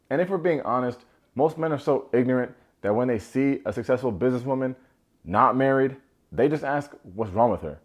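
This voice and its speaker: A man recapping a reality dating show in casual commentary. He is animated and sarcastic, drops slangy asides, and jumps between low mutters and sudden high exclamations. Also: fairly quick.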